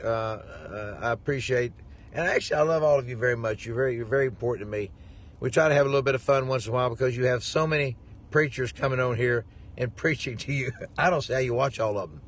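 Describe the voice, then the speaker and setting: A preacher who heads a ministry tells his viewers a rambling, jovial story, chuckling a lot along the way. He talks fast at a medium pitch, with slight background noise.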